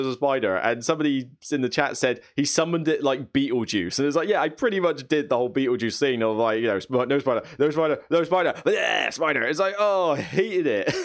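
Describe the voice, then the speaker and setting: An adult man at an ordinary middle pitch recaps a board game session for his channel. He tells it as a lively story. He often laughs and acts out how he reacted at the table. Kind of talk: casual gameplay recap.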